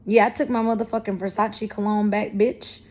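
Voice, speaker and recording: A woman's voice: medium pitch, little pitch movement, fairly quick, darkish tone. 30-something woman vlogging, cussing a lot, blunt, keeps hyping herself up with spiritual talk. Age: 30s. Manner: blunt, profane and emphatic; self-affirming, spiritual talk. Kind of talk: candid talk to camera.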